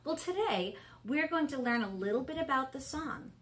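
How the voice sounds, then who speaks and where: A middle-aged woman teaching an online music lesson to young children, encouraging and clear. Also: high voice, lively intonation. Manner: bright, encouraging, speaks slowly and clearly to kids.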